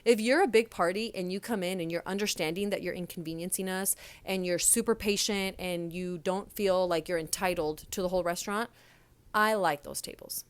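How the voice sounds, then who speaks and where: A woman's voice: fairly low pitch, a little fast, clear, resonant tone, no room sound. Blunt, sassy young woman host. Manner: blunt, sassy storytelling with lively quoted voices. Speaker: podcast host, restaurant server and former manager. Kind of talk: casual solo podcast monologue.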